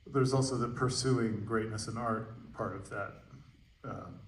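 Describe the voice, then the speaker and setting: A man moderating a post-screening Q&A, musing aloud with many pauses and fillers. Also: fairly low pitch, slight background noise. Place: movie theater stage. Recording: roomy, distant theater audio.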